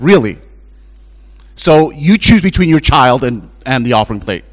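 A middle-aged man preaches as a chaplain at normal speed, his intonation lively. He moves between fervent, high-pitched appeals and low, whispered-sounding stories.

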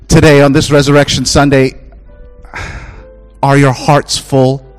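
A middle-aged man preaching a sermon as a chaplain, shifting between impassioned high-pitched pleading and low, hushed storytelling. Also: little pitch movement, measured pace, clean tone, soft background music.

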